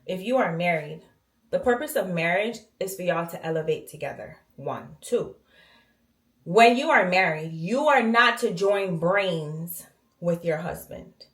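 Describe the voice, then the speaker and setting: A woman telling a personal story casually to camera while cleaning her bathroom, animated and slangy, acting out the voices of the people in it. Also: fairly low pitch. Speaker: vlogger. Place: home bathroom. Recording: echoey bathroom.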